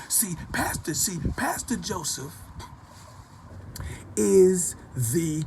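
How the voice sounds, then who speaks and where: A man delivering a loud, rambling, profane rant to camera in a preachy tone, repeating himself as he goes. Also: on the high side, vocal fry, slight background noise. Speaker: vlogger.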